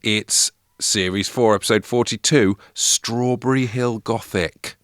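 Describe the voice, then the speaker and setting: Man, Lancashire accent, low bright voice, deadpan podcast banter. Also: measured pace, no echo, clean studio sound. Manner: wry, deadpan quips. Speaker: podcast co-host. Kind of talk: casual comedic chat.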